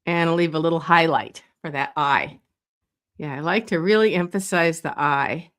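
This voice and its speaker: A woman teaching a live drawing lesson, thinking aloud as she sketches, with many fillers and pauses. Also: low-pitched, a bit bright. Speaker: drawing instructor.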